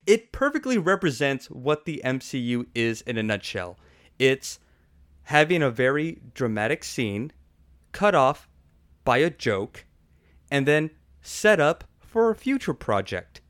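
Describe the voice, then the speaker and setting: A man's voice: medium pitch, big pitch swings, a little slow, fairly bright tone, no echo, studio quality. A man hosting a podcast, giving an opinionated, sarcastic movie review in casual chat and laughing often. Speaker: podcast host.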